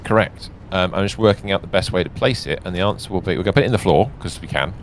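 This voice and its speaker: A man's voice: deep voice, fast talker, a little hiss or hum. A man hosting a game livestream, chatting casually and thinking aloud while he builds. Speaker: streamer host. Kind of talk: casual gaming chat.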